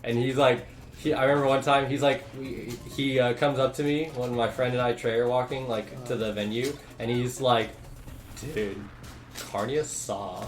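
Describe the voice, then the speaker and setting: A man's voice: medium pitch, level tone, normal speed. Swearing young man telling stories. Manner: rambling storyteller, swears, laughs often. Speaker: streamer. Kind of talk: casual chat while gaming. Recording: echoey room with game music.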